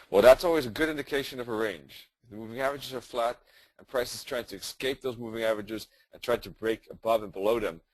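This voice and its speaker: A man's voice: on the low side, dry recording, rough recording. A man presenting a live trading webinar, explaining charts conversationally and correcting himself as he goes. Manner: conversational, thinking aloud with fillers and self-corrections.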